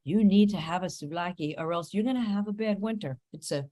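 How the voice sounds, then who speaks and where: A woman hosting a comedy podcast, chatting and reading ads with quick, self-mocking asides. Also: lowish voice, mellow. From New York, USA. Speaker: podcast host. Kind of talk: casual podcast chat and host-read ads.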